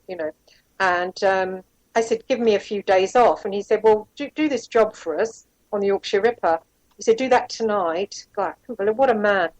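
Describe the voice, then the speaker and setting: A medium-pitched woman with a somewhat dark tone speaks in a rough recording that has no echo. As an interview guest who once worked as a private investigator, she frankly recounts a meandering personal tale, with asides and quoted dialogue along the way.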